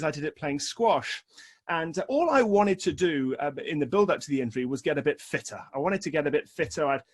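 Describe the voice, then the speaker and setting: A man in his forties telling a personal story on an online video call, animated and self-deprecating, jumping up in pitch when he voices his own past reactions. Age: 40s.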